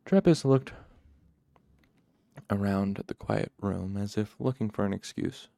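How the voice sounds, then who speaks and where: A man reading a novel aloud as first-person narration, in a measured, even storytelling manner. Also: fairly low pitch, vocal fry, no room sound, studio quality. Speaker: audiobook narrator.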